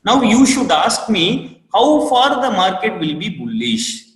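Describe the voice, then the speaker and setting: A man with an Indian English accent teaching a live online trading class, repeating each point and asking students for a quick yes. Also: high-pitched, very animated, fairly bright tone. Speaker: trading course instructor. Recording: roomy echo with long reverb.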